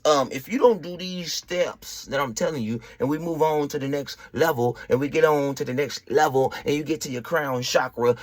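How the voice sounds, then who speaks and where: Husky podcast guy preaching chakra stuff, pitch jumps all over, dry close sound. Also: no room sound. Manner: animated and preachy, slangy, talks straight to the listener. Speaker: podcast host. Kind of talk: spiritual motivational podcast talk.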